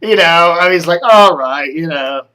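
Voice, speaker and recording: A middle-aged man from the Washington DC area, talking casually to camera about the news, rambling with lots of fillers and getting animated when riled. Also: on the high side, moderate pace, smooth. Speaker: media commentary vlogger. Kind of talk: casual solo commentary.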